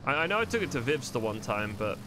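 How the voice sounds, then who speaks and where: A man's voice: mid-range voice, sing-song, fast talker, noisy background. Rambling, swearing male streamer. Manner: rambling, swears freely, thinks aloud. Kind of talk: live-streamed roleplay gameplay chat.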